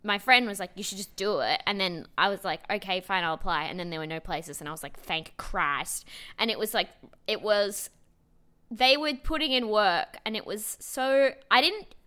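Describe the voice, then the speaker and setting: A woman's voice: medium pitch, brisk, smooth. A young Australian woman co-hosting a podcast over a video call, telling rambling stories and acting out the people in them. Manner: animated, rambling storyteller who acts out quotes. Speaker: podcast co-host. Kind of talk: casual chat.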